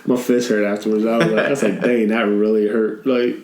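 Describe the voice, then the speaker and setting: A man chatting casually as a podcast guest, animated and laughing often as he tells stories. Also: fairly low pitch, fairly quick. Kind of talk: casual chat. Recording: echoey room.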